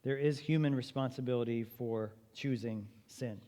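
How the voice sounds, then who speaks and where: Male church seminar teacher, mid-pitched, conversational and emphatic, with a lingering hall reverb. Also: normal speed, warm tone. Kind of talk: apologetics seminar lecture. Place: church meeting room.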